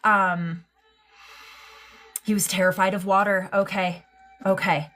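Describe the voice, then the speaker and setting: A woman's voice: mid-range voice, flat delivery, slow, sharp tone, faint music behind. A woman giving a live-streamed mediumship reading, affectionate and hesitant, full of ums and likes. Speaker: psychic medium.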